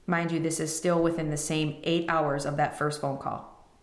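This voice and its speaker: Low-voiced woman telling a personal story. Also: little pitch movement, moderate pace, echoey room. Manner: emotional, quotes others in retelling. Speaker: podcast host.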